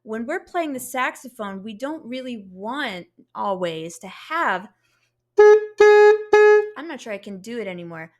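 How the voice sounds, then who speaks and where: A woman's voice: fairly high pitch, sing-song, slow pace, a little mellow, muffled recording, soft background music. Woman saxophone teacher, patient, walks through each step, sounds out little syllables. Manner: patient, explains step by step with spoken syllable demonstrations. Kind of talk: music lesson demonstration.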